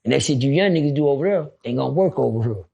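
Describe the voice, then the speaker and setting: A man doing a gruff old convict. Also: medium pitch, expressive, racing, dark tone, muffled recording, pitched below the performer's own voice. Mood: stern warning. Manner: stern, lecturing. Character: gruff older male prison convict, warning.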